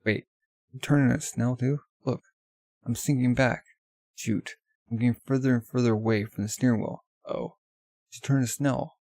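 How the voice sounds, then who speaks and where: Gravelly man reading manga aloud. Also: medium pitch, steady tone, moderate pace, a little mellow, no echo. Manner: loose, offhand delivery with many fillers. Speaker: manga reader. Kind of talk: casual manga read-aloud.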